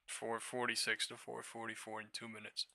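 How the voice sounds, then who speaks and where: A man calls out live trades on a stream, mumbling to himself and then swearing in excited bursts. His voice is slightly low with a gravelly rasp. It is very bright and cutting, heard dry and close. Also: moderate pace, no echo. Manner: excitable, profane, muttering to himself between outbursts. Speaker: live stock trading streamer. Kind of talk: live trading commentary.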